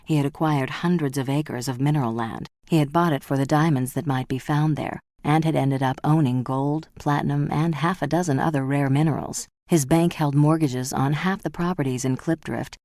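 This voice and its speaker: A woman narrating a novel audiobook in a measured, even storytelling manner. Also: sits low, no echo, clean studio sound.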